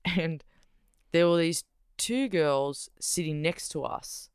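A speaker telling a story in casual chat, animated and sweary, acting out what others said. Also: medium pitch, takes it slowly, smooth, no room sound, clean studio sound.

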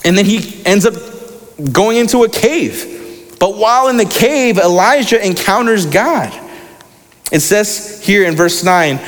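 Young guy preaching, slangy and chatty, kinda high voice, long echo in the room. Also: normal speed. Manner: casual slangy preaching, reads scripture aloud. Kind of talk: sermon.

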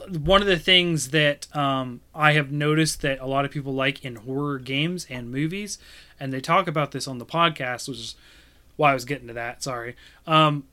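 Rambling man with a bright voice. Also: fairly high pitch, clean tone. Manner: rambling, lots of fillers and restarts. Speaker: podcast host. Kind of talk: casual chat.

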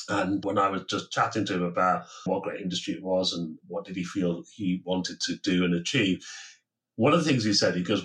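A middle-aged podcast host with a faint Manchester accent and a fairly low voice. He talks in a chatty, conversational way and asks long, rambling questions. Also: a bit bright, poor audio. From Manchester, England.

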